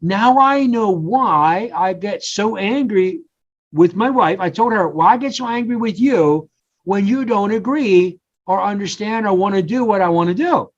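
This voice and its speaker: A man's voice: high voice, measured pace. An older man, a coach and podcast guest, telling personal stories in a casual interview and acting out the quoted voices. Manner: animated storyteller, acts out quotes. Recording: slightly dull lo-fi audio.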